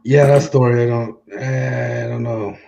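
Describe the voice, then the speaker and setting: A man's voice: mid-range voice, steady tone, unhurried, vocal fry, dark tone. A man hosting a casual podcast chat, talking hesitantly and cueing up clips. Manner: hesitant, lots of fillers. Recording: dull lo-fi mic.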